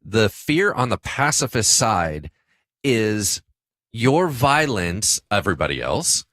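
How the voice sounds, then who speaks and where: A man, a pastor co-hosting a podcast, telling a story about himself in a lively, self-deprecating way. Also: fairly low pitch, slow, no echo. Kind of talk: casual podcast discussion.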